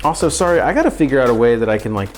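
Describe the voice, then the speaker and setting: Racing along and very animated, his medium-pitched voice carries over soft background music. He's a man streaming himself cooking at home, chatting casually and cracking self-mocking jokes.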